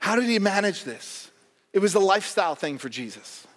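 A man preaching a sermon as pastor, animated and joking, acting out the voices of characters in the stories he tells. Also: sits high, fairly quick. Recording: long hall reverb.

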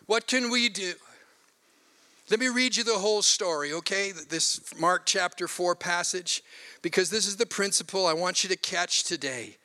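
An older man from Canada, a pastor preaching a sermon with animated, self-mocking stories. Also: sits high, moderate pace. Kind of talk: sermon with storytelling.

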